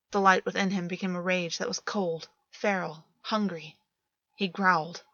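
Female narrator, measured story reading, dry and dull recording. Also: fairly low pitch, fairly even intonation, pushed and bright, no room sound. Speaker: reader. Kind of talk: scripted narration.

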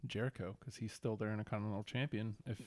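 A man's voice: lowish voice, steady tone, quick pace, darkish tone, no echo. Laid-back man in a podcast chat. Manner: laid-back, brief replies. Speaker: podcast co-host. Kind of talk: casual chat.

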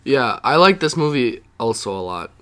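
A man co-hosting a casual podcast chat, dry and quick to correct the others. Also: medium pitch, very animated, bright, forceful tone, smooth. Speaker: podcast co-host.

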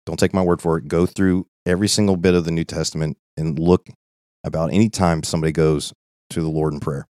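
A man's voice: deep voice, fairly even intonation, fairly quick, dark tone, dry recording, studio quality. A man teaching an informal Bible study in an earnest, conversational way, often checking in with "okay?".

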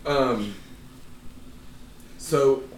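A man co-hosting a casual podcast chat, rambling and breaking into loud excited outbursts, recorded in a room at home. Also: mid-range voice, drawn-out words, a little hiss or hum. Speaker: podcast co-host. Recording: echoey room, mic at a distance.

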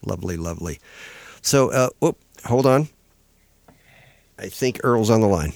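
A man's voice: lowish voice, expressive, measured pace, gravelly, a little mellow, no room sound. Brief: male talk-radio host, bouncy up-and-down delivery, giggly banter, dry close studio mic.

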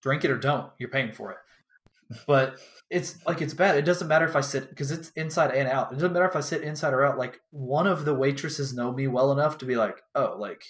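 A man's voice: mid-range voice, brisk. A young man telling a long, rambling story in casual chat as a podcast co-host, acting out what people said and swearing freely. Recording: echoey room.

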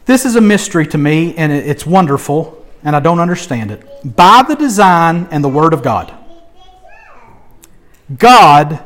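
Animated high-pitched male preacher. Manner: animated, emphatic, swings between loud urging and soft asides. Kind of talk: sermon.

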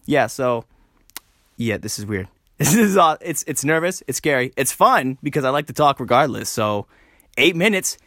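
A man hosting a solo podcast, rambling and joking at himself, talking fast and often jumping up high. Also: very animated, a bit bright, no room sound, studio quality. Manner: rambling, self-mocking, fast with sudden high jumps. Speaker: podcast host. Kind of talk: casual solo podcast chat.

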